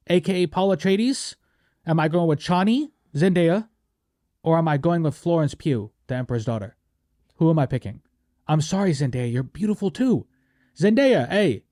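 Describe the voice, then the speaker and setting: A young man with a slightly high but mellow voice hosts a relaxed movie review podcast. He jokes a lot and breaks into silly voices, and the sound is close and dry. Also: no echo. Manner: animated, jokey, acts out quotes in silly voices. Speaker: podcast host. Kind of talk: casual movie review chat.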